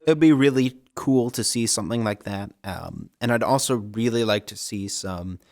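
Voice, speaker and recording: A man's voice: lowish voice, moderate pace, dry recording, clean studio sound. A man co-hosting a casual card game podcast, chatty and upbeat, laughing often and stumbling over words now and then. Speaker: co-host.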